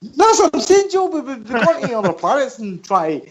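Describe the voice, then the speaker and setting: A man from the United Kingdom, a guest on a radio interview, talks in an animated, rambling way and explains things by asking questions. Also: very high-pitched, moderate pace, poor audio. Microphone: headphones and mic at home.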